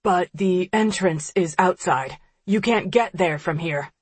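A woman voicing a frightened man woken at night, speaking in an urgent, hushed way. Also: on the low side, a little slow, slightly rough, dry recording.

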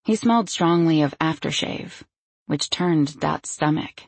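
Woman, audiobook narration, measured, slow, gravelly, dry close sound. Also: deep voice, no echo. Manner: measured storytelling. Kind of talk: scripted narration.

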